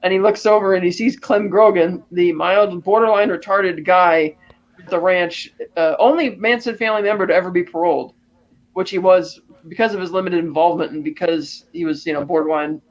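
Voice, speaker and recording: A man's voice: sits high, steady tone, a little fast, highs cut off. A man co-hosting a podcast, animatedly retelling a movie scene and acting out the characters' lines. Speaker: podcast co-host. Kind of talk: casual film recap.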